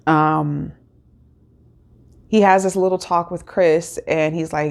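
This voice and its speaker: A woman talks through an episode recap in an easygoing, rambling way. Her voice sits a little on the low side. She is full of fillers and restarts. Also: fairly even intonation, slow pace, vocal fry, pauses often. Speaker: host.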